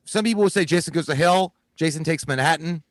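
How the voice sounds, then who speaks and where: A man's voice: fairly high pitch, fast talker, no room sound. A man co-hosting a casual live stream, joking crudely and laughing often. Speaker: podcast co-host.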